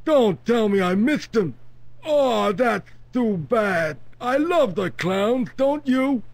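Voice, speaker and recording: A shifty, grinning street hustler in a classic adventure game. His voice sits very high and he drawls each word slowly. The sound is dry and close. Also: expressive, gravelly, no echo, heavily acted. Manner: slow, drawling, slangy. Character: shifty street hustler who relishes slapstick.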